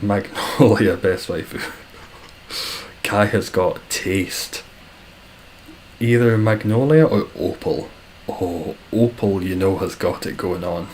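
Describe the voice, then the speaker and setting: A man's voice: low-pitched, takes it slowly, pauses often, a little mellow, a little hiss or hum, low-quality recording. A Scottish man chatting casually on a live stream, reading out viewer comments with dry, self-deprecating humour. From Scotland.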